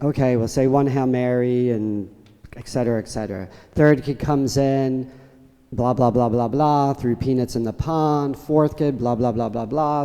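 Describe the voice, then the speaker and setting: A man's voice: medium pitch, warm tone, clean tone. A man, a priest, giving a sermon with a humorous story in a church. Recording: church reverb.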